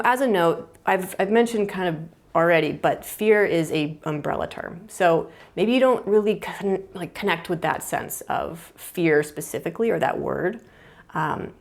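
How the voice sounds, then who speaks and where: Gravelly-voiced woman explaining casually. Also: deep voice. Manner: casual, thoughtful, with many fillers. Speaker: mind-body therapist. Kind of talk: explaining at a whiteboard.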